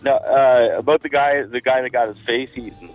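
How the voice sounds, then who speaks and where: A man calling in to a radio show, telling a joke in a halting, hesitant way. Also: medium pitch, soft background music. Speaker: caller. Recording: tinny phone line.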